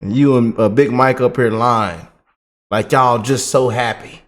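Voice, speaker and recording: A man's voice: medium pitch, fairly even intonation, a little slow. A man ranting in a casual, repetitive and colloquial way as a political commentary vlogger.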